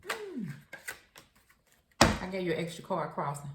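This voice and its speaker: A woman's voice: fairly low pitch, wildly swooping pitch, unhurried, heavy background noise. A woman giving a casual tarot reading, talking frankly and directly to the viewer and calling them honey and child. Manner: frank, chatty, addresses viewer directly with endearments. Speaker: tarot reader. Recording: echoey room.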